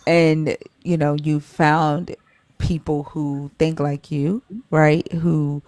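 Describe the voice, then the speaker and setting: A woman hosting a call-in show, asking gentle, probing questions in a casual conversation and laughing easily. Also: sits low, flat delivery, slow pace, dry recording.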